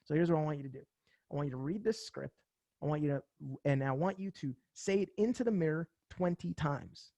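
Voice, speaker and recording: Young male sales coach from New Jersey; pumped-up, casual pitch, slight fry, dry recording. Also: a little fast, dry recording. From central New Jersey. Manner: energetic, casual slang, acts out phone calls. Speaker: sales trainer. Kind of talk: motivational sales talk.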